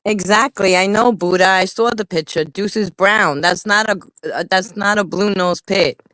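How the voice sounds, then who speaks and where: A woman's voice: medium pitch, moderate pace, a bit bright, no room sound, low-quality recording. A woman co-hosting a livestream in casual chat, talking bluntly and heatedly with a lot of cursing. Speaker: livestream co-host.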